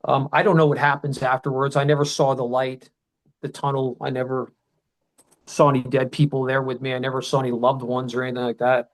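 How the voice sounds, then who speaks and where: On a podcast, a middle-aged guest recounts a personal memory at length with emotion, in an ordinary mid-pitched voice. He rambles, circles back, restarts sentences, and bursts into loud shouts quoting what people said. His tone is level and fairly quick, and the recording is rough.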